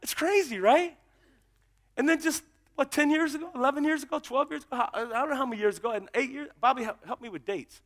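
High, bright-voiced man preaching. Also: fast. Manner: storytelling, builds to shouted preaching. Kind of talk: testimony sermon.

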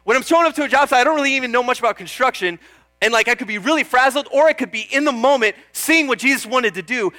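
A man's voice: very high-pitched, fast talker, bright, forceful tone, no room sound. A young man preaching a sermon in an earnest, chatty way, often calling out "Amen?" and joking about himself. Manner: self-deprecating, laughs at himself.

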